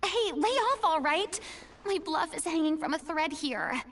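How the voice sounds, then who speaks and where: Woman voicing a very high, theatrical young game heroine who bluffs; slightly distant mic. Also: lively intonation, a little slow, fairly bright tone, full character voice. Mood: sheepish. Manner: theatrical and flustered. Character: showy, boastful young woman, nervous and bluffing.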